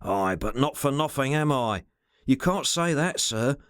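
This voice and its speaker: A man's voice: medium pitch, lively intonation, unhurried, smooth, dry recording, studio quality, voice pushed up. A man doing a snarling, scrappy henchman. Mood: argumentative. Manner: soft purring with a snarling undertone; argumentative, coarse common speech. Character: rough loyal male henchman, fretful and scrappy.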